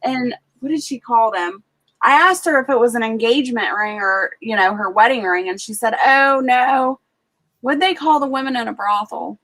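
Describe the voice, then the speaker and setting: With a fairly high, animated voice and a fairly bright tone, a woman talks briskly on her casual livestream from a rural farm home. She's a chatty storyteller who leans on "like" and frequent asides.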